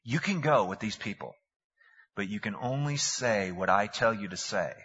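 Preacher playing a firm god laying down the rules, measured, husky, dull lo-fi sound. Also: male voice, lowish voice, animated, a bit bright, voice pushed down. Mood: stern. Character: stern male deity laying down terms. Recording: long hall reverb, dull lo-fi sound.

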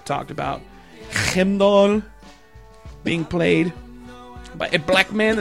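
A man's voice: sits high, slow pace, gravelly, pauses often, fairly bright tone, soft background music. A man hosting a comedy show, ranting in a crude, rambling way and swearing constantly. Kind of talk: profane comedic rant.

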